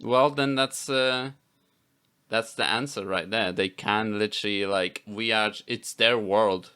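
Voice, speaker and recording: A man's voice: fairly low pitch, fairly even intonation, unhurried, pushed and bright, clear, resonant tone. A man co-hosting a podcast in casual chat, rambling and filling gaps with "you know" and "like". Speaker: podcast co-host.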